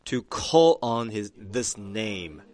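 Slow, emphatic male preacher. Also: on the low side, lively intonation. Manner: slow, emphatic preaching that swells to loud cries. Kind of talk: sermon.

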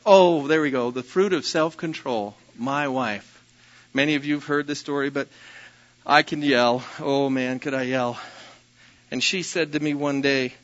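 A pastor shares personal stories in his sermon, poking fun at himself and occasionally bursting out loudly. His voice is mid-range, and the recording sounds muffled.

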